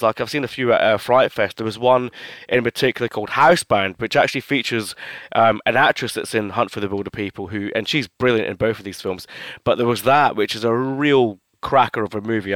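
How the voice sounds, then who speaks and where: A man's voice: on the low side, fairly quick, a bit bright, no echo. Man, podcast co-host, rambling casual film talk, dry close sound. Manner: rambling, swears freely, many fillers and restarts.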